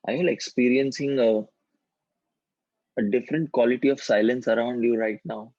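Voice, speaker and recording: A man guides a group through a healing exercise over a video call, speaking calmly and steadily. He repeats each affirmation slowly, like a chant. The dry, dull sound of a computer microphone frames his mid-pitched voice. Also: no echo. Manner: calm instructive, repeats affirmations in a slow chant. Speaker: workshop facilitator. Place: online group session.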